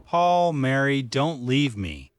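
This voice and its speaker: A man playing a remorseful young husband after a drunk-driving crash, in a slow scripted learner's story, pleading and desperate. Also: mid-range voice, big pitch swings, a little hiss or hum. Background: faint music.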